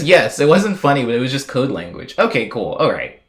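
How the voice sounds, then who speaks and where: On a live stream, a young man from the United States talks loosely, hopping between stories and reading viewer messages out loud. His fairly quick speech swings widely and animatedly in pitch, and he fills pauses with a relaxed, playful, chatty ramble full of fillers.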